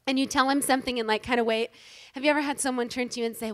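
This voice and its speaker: High-voiced woman joking onstage. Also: rapid-fire. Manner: self-deprecating, joking, animated. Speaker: inspirational speaker at a women's event. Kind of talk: humorous inspirational talk to a live audience. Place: on stage before a live audience.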